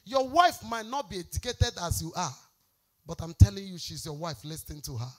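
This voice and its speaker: A woman's voice: on the low side, lively intonation, normal speed. A woman pastor, preaching an emphatic, exhorting sermon.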